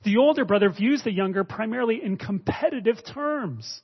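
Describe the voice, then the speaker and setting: A male preacher teaching a sermon, expressive, swinging between raised emphasis and quiet asides. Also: high-pitched, fairly quick, few pauses, husky. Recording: dull lo-fi audio with long reverb.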